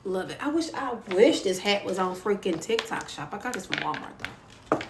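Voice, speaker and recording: Playful, chatty woman livestreaming. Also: moderate pace. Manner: chatty, playful, laughs often; expressive, swoops into high squeals when excited. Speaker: livestream host. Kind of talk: casual livestream chat. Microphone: phone mic. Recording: roomy with faint ambient noise.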